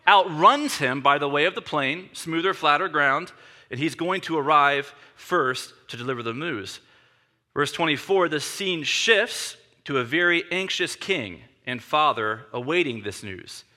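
A man's voice: on the high side, bright, forceful tone. A man preaching a sermon, telling the story with animation and acting out the scene. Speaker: pastor.

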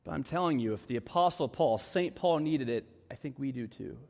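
A man preaching a sermon with earnest conviction, often dropping into soft, hushed tones to stress a point. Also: mid-range voice, animated, fairly quick, gravelly, long reverb tail. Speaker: pastor.

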